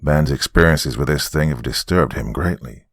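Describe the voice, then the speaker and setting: A man doing a gruff, stern old grandfather. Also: normal speed, no room sound, clean studio sound. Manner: low, blunt and moody.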